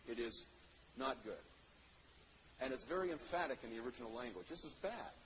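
A man preaching a sermon, reading scripture and then explaining it, with loud stressed phrases that drop to quiet endings. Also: medium pitch. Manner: emphatic, swings between loud stresses and quiet trailing phrases. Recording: dull lo-fi sound.

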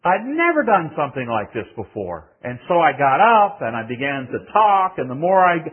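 An older man preaches in an animated storytelling voice, rising loud and dropping to a hush. His tone is husky and a little high. The sound is thin and tinny, like a phone line. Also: normal speed. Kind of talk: sermon testimony.

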